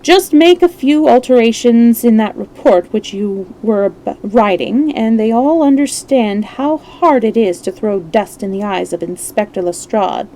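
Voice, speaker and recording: A woman voicing a confident, theatrical male detective in a measured, showy way. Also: a little high, lively intonation, warm tone, slight background noise, rough recording. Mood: wry.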